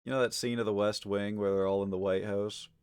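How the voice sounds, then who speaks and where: A man streaming live, chatting casually with his viewers, swinging from mumbled asides to loud exasperated ranting, with lots of swearing. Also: lowish voice, little pitch movement, brisk, clear, resonant tone, no echo, studio quality. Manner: profane, argumentative.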